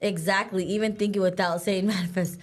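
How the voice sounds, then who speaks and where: A young woman co-hosting a casual live show, chatty and animated, full of "like" and quick laughs. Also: mid-range voice. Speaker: co-host.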